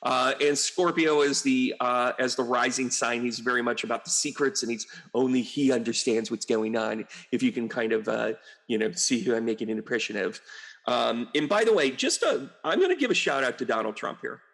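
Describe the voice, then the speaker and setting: Middle-aged American man, a medium, rambling casual monologue to camera, mid-pitched. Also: fairly quick, vocal fry, a bit bright. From United States. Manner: rambling, chatty, with frequent fillers and asides. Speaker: medium and astrologer.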